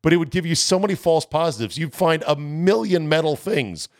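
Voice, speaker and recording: A man's voice: fairly high pitch, expressive, brisk, dry recording, clean studio sound. A man hosting a golf radio show, telling easygoing stories in casual chat.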